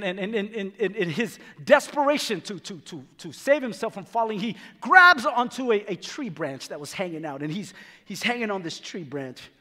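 In a reverberant hall with soft music in the background, a male preacher gives a forceful sermon in a fairly high, bright voice. He hammers his points with repetition and stumbles into frequent restarts.

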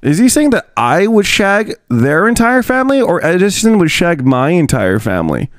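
A man's voice: high voice, sing-song, moderate pace, dry recording, clean studio sound. A young man reacting to a video on his stream, rambling and bemused as he talks to his chat. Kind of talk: casual stream commentary.

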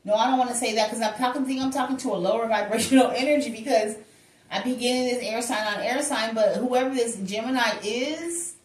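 Woman, tarot reader, casual chatty delivery, higher voice, recorded at a distance from the mic. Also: brisk. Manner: chatty, exclaiming, addresses listeners directly. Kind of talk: casual tarot reading to viewers. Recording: echoey room, voice off-mic.

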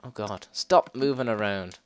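A man giving casual gameplay commentary, excitable, swearing and laughing as he plays. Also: fairly low pitch, smooth, no room sound. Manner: excitable, swears and laughs, quick yelps when startled. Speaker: let's play gamer.

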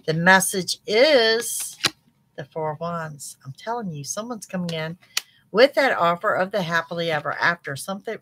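A woman reading tarot cards for her viewers in an animated, chatty way, talking straight to them. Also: deep voice, noisy background. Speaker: psychic tarot reader.

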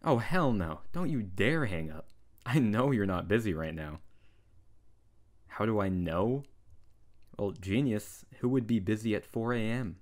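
A man's voice: lowish voice, expressive, measured pace, pauses often. A man playing a prickly, caring young wizard. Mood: exasperated. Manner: scolding, sarcastic, then softening. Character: young male wizard, prickly but caring best friend. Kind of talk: audio role-play.

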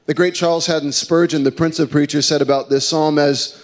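A male pastor preaches in a fairly high, light voice, easing into his sermon with a conversational, story-driven manner. He mixes in casual fillers as he talks the congregation through the text. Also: steady tone, a little fast.

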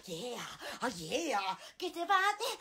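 A woman with a Southern American accent chats into her phone on a live stream, giddy and exclamatory. Her very high, bright voice leaps all over the place, yet she drawls out her words slowly. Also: big pitch swings. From Alabama. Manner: giddy, squealing, exclamatory, bursts of shouts and laughter. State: sweating in the heat. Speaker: social media live streamer. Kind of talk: rambling live-stream chat. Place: hot room at home.

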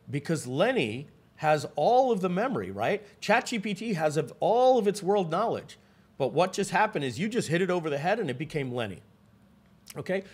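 A man presenting a live webinar, telling stories with lively asides to the audience and frequent restarts. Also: fairly high pitch, breathy edge.

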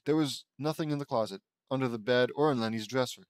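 A man's voice: mid-range voice, fast, clear, resonant tone, no echo. A man reading a fan fiction story aloud, stumbling over words and breaking off for joking asides. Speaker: audiobook reader.

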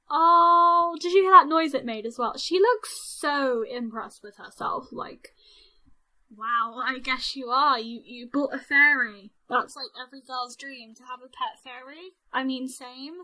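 A young woman doing excitable let's play commentary, squealing and shouting at what happens in the game. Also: sits high, a little slow, low-quality recording. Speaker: gaming channel host.

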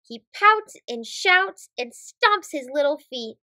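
Very high, bright-voiced woman storyteller. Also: expressive, slow pace. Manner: cheerful, singsong. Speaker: storyteller host. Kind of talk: bedtime story read-aloud for children.

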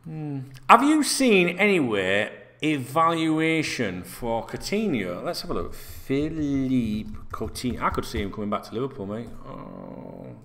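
A man's voice: mid-range voice, wildly swooping pitch, unhurried, gravelly, few pauses, a bit bright. A man hosting a football news channel, reading out stories and ranting with sarcastic, sweary asides. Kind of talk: casual ranting news read-through.

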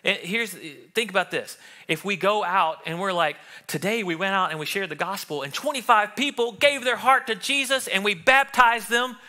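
A man preaching a sermon in a church room, animated and acting out what people think and say. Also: high-pitched, normal speed. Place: church sanctuary.

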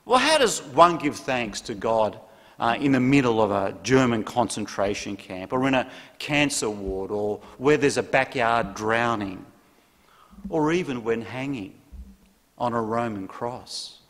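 Earnest male preacher, mid-pitched, measured delivery, reverberant church. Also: expressive, a bit bright. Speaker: pastor. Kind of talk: sermon.

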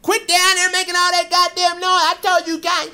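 A man voicing a shrill old grandmother yelling and scolding from upstairs. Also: completely flat delivery, normal speed, full character voice.

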